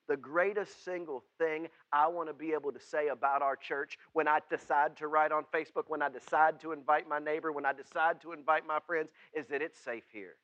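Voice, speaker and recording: A man preaching a sermon as pastor, folksy and plain-spoken, swinging from loud preaching to quiet, intimate asides. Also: a little high, dry recording, highs cut off. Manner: folksy and plain-spoken, with southern-style words.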